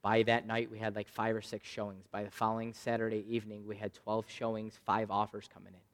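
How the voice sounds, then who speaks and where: A man in his thirties preaching a sermon, telling a personal story with loud bursts and quiet asides. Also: fairly low pitch, little pitch movement, a little fast, big-room sound. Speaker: pastor.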